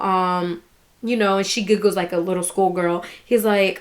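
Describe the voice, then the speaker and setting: A woman's voice: mid-range voice, steady tone, measured pace. A woman vlogger giving candid, indignant commentary on a documentary, talking casually and swearing now and then.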